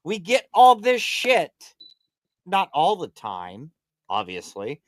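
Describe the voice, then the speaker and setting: A man's voice: on the high side, huge pitch swings, takes it slowly, no echo, studio quality. A man in casual conversation, talking bluntly and swearing with short interjections. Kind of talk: casual podcast chat.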